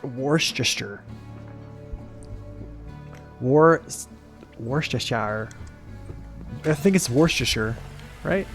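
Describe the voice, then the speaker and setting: A young American man chatting casually with his live chat as a streamer, rambling and answering questions. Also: mid-range voice. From United States.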